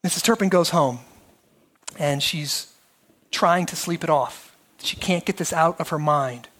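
A man lecturing on a short story, reading long passages aloud with expressive, dramatic emphasis. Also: a little high, a little slow.

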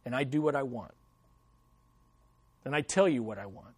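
A man's voice: medium pitch, normal speed, breathy edge, dry recording, voice pushed down, natural voice. Guy doing a mob boss w/ fake italian accent, snarly, possessive. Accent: put-on Italian. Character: snarling mafia boss claiming his turf.

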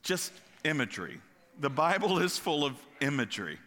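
Bright-voiced preacher in a reverberant hall. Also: male voice, fairly high pitch, normal speed, slight background noise. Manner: animated, jokey retelling with acted-out voices. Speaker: pastor. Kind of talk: casual storytelling sermon. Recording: long reverb of a large hall.

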